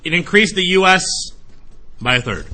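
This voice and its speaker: A man teaching a history lecture in a classroom, lively and joking, acting out quick voices to explain his points. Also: sits high. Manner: animated, acts out voices in analogies.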